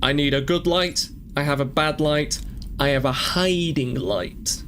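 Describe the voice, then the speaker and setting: A man's voice: a little high, a little slow, background noise. A man playing through a game, thinking aloud and asking question after question in an earnest, emotional way. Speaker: gaming streamer. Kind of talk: let's play commentary.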